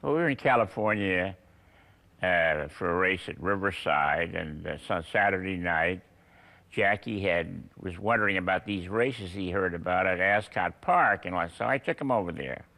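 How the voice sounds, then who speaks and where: A man in his eighties, a veteran racing broadcaster, telling anecdotes in an unhurried, chuckling way. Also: deep voice, gravelly, bright, forceful tone. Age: 80s. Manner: unhurried, chuckling raconteur with fillers. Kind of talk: anecdotal storytelling.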